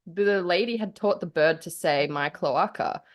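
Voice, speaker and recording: A woman's voice: on the low side, normal speed. An Australian woman co-hosting a podcast in casual, playful chat, laughing often. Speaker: podcast co-host.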